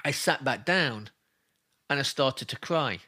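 A man's voice: medium pitch, lively intonation, measured pace, bright, forceful tone. A man telling personal stories as an interview guest, earnest and emphatic, often repeating himself for stress. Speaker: interview guest, spiritual healer. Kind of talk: emotional personal storytelling.

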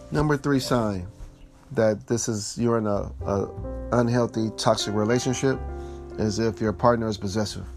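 A man talking through relationship advice in a casual, rambling way, full of "you know" and "like". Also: medium pitch.

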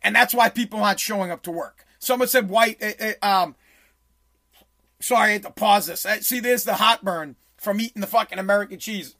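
A small business owner and commentator rants about politics over video clips in a high, brisk, pushed and bright voice. He's blunt and sarcastic, swearing freely throughout.

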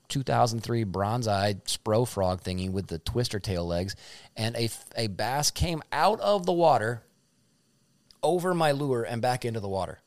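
A man's voice: fairly low pitch, dry recording. A man in his thirties co-hosting a casual chat, telling loose, joking stories in a rambling way. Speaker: podcast co-host.

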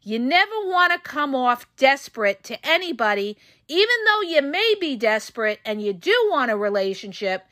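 A woman podcast host and relationship coach giving blunt, profane advice straight to her listeners, her voice going hoarse. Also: sits high, big pitch swings, moderate pace, hardly any pauses, a bit bright, dry recording, clean studio sound. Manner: frank, profane, emphatic, addresses listeners as "you guys". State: losing her voice.

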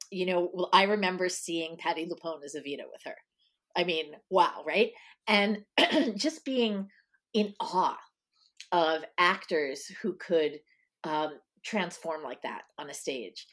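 A woman's voice: fairly low pitch, slow pace, fairly bright tone. A middle-aged woman from Long Island, a guest in a casual interview, chatting with lots of ums and you-knows. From Long Island, New York. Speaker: guest, author.

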